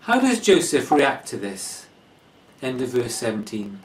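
A man preaching a sermon in a slow, deliberate expository manner. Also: medium pitch, wildly swooping pitch. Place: church. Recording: echoey church from far off.

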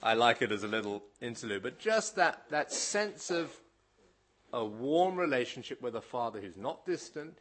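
A man preaching a sermon, emphatic and conversational, pausing now and then on a word. His pitch rises and falls freely. His tone is bright and clear. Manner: animated, emphatic, conversational with hesitations.

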